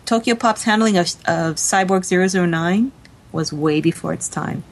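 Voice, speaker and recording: Woman chatting on a podcast panel, lower voice, quick and animated, lots of restarts. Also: rough recording. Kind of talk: casual panel discussion.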